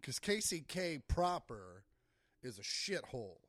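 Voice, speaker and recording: A man's voice: a little high, very animated, measured pace, dry recording. A man from the Kansas City area, a comedian guest on a podcast, swearing and laughing through casual chat. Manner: loud and laughing, swears often, acts out quotes.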